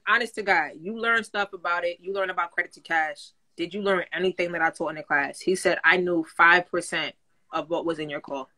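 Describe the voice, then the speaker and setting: A woman coaching listeners on credit in a casual livestream, talking in animated slang and laughing often. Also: fairly low pitch. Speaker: credit coach teaching a class. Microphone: phone.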